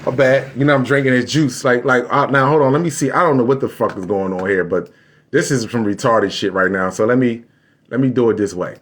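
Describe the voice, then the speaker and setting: A man's voice: mid-range voice, brisk, fairly bright tone. A man hosting a casual live stream and talking straight to his viewers. He sounds frustrated and keeps laughing about his computer freezing up. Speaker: livestream host.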